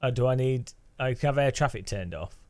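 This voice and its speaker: A man's voice: mid-range voice, lively intonation, brisk, a little mellow. A man hosting a gaming channel, chatting casually through his gameplay with cheeky jokes and frequent giggles. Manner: giggly, laughing often between remarks; cheeky, joking banter.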